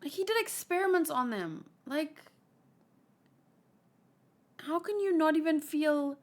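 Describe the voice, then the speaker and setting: A woman with a fairly high voice reads a comic aloud and breaks off to comment with feeling. She talks slowly and rambles, going back to find her words. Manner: emotional, expressive, rambling. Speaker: manga read-along host.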